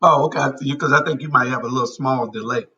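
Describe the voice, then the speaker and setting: A man's voice: mid-range voice, fast, sharp tone, highs cut off. A man hosting a casual talk show, giving blunt, emphatic opinions. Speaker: show host. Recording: distant from the mic.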